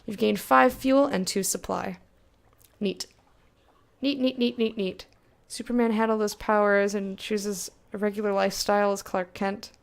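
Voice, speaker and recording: A woman's voice: mid-range voice, fairly even intonation, measured pace, gravelly. A young woman streaming a game, chatting casually with viewers, laughing often and reading game text aloud. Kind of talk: casual let's-play chat with viewers.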